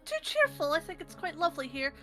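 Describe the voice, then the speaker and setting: A woman's voice: very high-pitched, big pitch swings, quick pace, sharp tone, faint music behind, voice pushed up, full character voice. A woman playing a cheerful, bubbly young female adventurer who digs in ruins.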